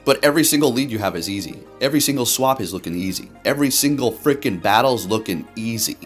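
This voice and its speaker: A man giving animated, profane commentary over his own gameplay as a game video host. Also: mid-range voice, fast talker, soft background music.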